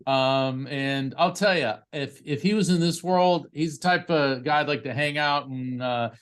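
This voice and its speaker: A man's fairly high, fairly bright, smooth voice carries a live psychic reading for a grieving parent over video call. He is chatty yet halting, repeatedly restarting and leaning on filler words.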